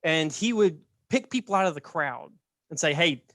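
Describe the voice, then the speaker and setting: A man's voice: on the high side, lively intonation, moderate pace, a bit bright, dry recording, studio quality. Chatty man telling a story. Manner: chatty, laughing, frequent "right?". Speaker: podcast host. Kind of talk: casual storytelling.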